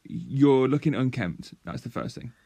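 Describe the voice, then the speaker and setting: A man's voice: mid-range voice, expressive, measured pace, gravelly, dark tone, husky, no echo. Man, dry teasing humour, plain mid voice, no room sound. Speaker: podcast co-host. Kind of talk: casual chat.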